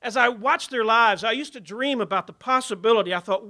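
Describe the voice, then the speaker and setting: Middle-aged Southern man, high bright voice, folksy speaker. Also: fast, hardly any pauses. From Virginia. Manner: folksy and conversational. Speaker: ministry leader. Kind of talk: speech to an audience.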